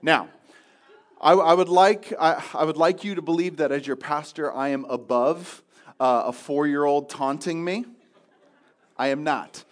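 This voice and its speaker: A man's voice: on the high side, unhurried. A man pastor telling a funny story in a sermon, chatty and self-deprecating, with many restarts.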